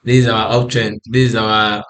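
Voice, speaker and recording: A man's voice: lowish voice, level tone, moderate pace, fairly bright tone. A man explaining trading charts in a lesson, tired and yawning, who repeats and restarts his phrases and asks himself "what?" before answering. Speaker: forex trading analyst. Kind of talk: screen-share chart walkthrough.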